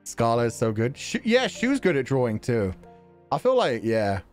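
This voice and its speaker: On a live stream, a man reads out donations from viewers and chats casually, wandering from one thought to the next while laughing often. His pitch jumps around expressively at a normal speed, with soft music underneath.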